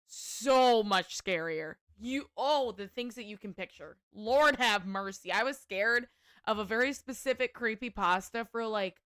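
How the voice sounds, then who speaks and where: A woman hosting a livestream, chatting casually and telling stories in an animated, profane way. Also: mid-range voice, clean tone, no echo, clean studio sound. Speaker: livestream host. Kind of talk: casual chat while gaming.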